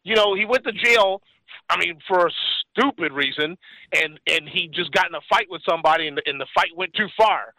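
A man's voice: high voice, brisk, pushed and bright, no echo, low-quality recording. A man in his forties telling a story in casual chat, rambling and acting out the voices of the people he quotes. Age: 40s.

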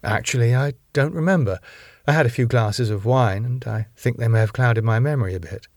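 A man's voice: medium pitch, a little fast, no room sound, studio quality, close to an everyday voice. A man voicing an earnest young woman police inspector who sounds urgent and defensive. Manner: urgent, pleading, flustered.

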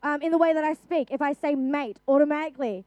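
A young Australian woman gives a youth sermon in a high, clear voice. She talks earnestly and casually, often restarting phrases and dropping in "like". The sound is close and dry, with no room around it. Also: fast, mellow, no room sound. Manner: earnest, conversational, with frequent restarts and "like". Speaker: youth preacher.

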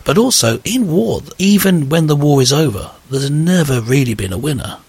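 Guy hosting a talk show, gravelly husky voice, earnest, keeps asking his co-host questions. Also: a little high, lively intonation, normal speed, a little mellow. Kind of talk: conversational talk show discussion.

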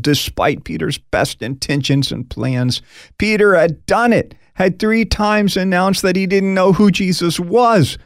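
A pastor with a medium-pitched male voice teaches through Scripture in a conversational, expressive way, acting out quotes and dropping folksy asides. The sound is clean studio quality with no echo.

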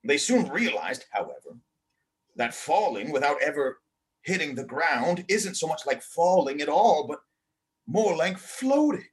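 A man reads a children's storybook aloud with playful, theatrical relish. His voice sits slightly high and swings widely in pitch, bouncing between hushed asides and bright exclamations. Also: big pitch swings, a little slow, slight background noise. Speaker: host and storyteller.

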